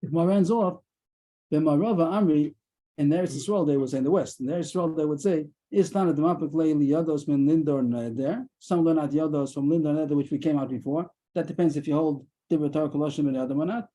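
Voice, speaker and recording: Guy rattling thru a talmud class on a video call, real dark mellow voice. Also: fairly high pitch, rough recording. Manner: rapid explaining, mixing in Aramaic terms. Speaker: Talmud teacher. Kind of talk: daily Talmud class explanation.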